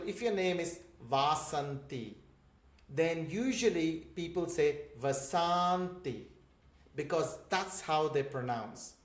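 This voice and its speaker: A man's voice: a little high, a little mellow. Indian man in an echoey room. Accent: Indian English. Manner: patient, explanatory, spells out examples. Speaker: instructor for migrant job seekers. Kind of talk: online course lesson.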